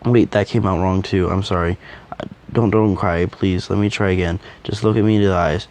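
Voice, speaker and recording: A man's voice: deep voice, steady tone, normal speed, a little mellow. A man voicing a blunt, hot-headed young male fighter who speaks earnestly and clumsily in a fan audio drama.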